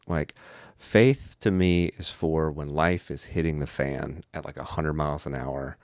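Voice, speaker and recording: Man, extremely low voice, pastor, casual chat, acts out quotes, dry close sound. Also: fairly even intonation, measured pace, hardly any pauses, a little mellow, no room sound. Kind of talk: casual podcast conversation.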